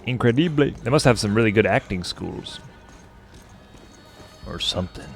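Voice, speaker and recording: A man's voice: on the low side, lively intonation, moderate pace, creaky, faint music behind. A man streaming a co-op game, chatting casually and rambling to his co-player while he plays. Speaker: gaming streamer. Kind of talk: casual gameplay commentary.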